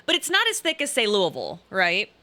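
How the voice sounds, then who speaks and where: Woman with a Southern Illinois accent, casual rambling chat, lively pitch, bright voice, dry close sound. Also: a little fast, no room sound. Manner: chatty, rambling, laughs often. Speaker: streamer reading chat. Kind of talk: casual live-stream chat.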